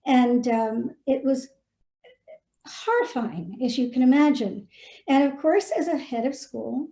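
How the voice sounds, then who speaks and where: A woman's voice: on the high side, roomy sound. A woman who was a head of school, telling a personal story and giving earnest, heartfelt advice to school leaders over a video call. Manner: earnest, heartfelt, gently urging. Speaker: former head of school, guest speaker.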